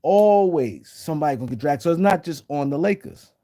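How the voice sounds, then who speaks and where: Mellow-voiced man ranting on a live stream. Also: fairly high pitch, lively intonation, brisk. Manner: rambling, repeats himself, speaks to chat viewers. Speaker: sports talk show host. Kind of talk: casual live-stream commentary.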